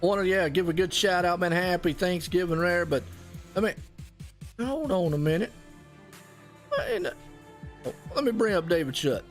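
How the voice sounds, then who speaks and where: A man doing live play-by-play commentary on a sim race, folksy and excitable, dropping y'all and ain't as he talks. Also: high voice, a little fast, soft background music.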